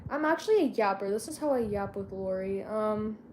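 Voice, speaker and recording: A woman's voice: mid-range voice, expressive, brisk, a little mellow, slight background noise. A teenage girl vlogging in a casual chat, rambling and slangy and often losing her train of thought.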